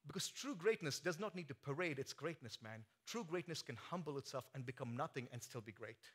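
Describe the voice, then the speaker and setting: Male pastor, sermon; bright, forceful tone, voice a little high, big swings from hushed to shouting. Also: expressive, fast, few pauses, breathy edge. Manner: swings from quiet asides to shouted, soaring climaxes. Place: church sanctuary.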